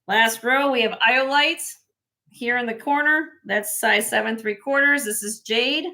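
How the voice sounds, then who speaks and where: Woman host, live sale stream, quick item rundowns with friendly asides, bright tone. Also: on the high side. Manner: brisk item listing with chatty asides and restarts. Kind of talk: casual live-sale chat. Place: at home.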